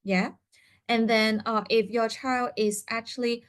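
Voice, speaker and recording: A woman's voice: on the high side, steady tone, moderate pace. A woman teaching a seminar for parents, explaining step by step with many fillers and acting out what parents and children might say.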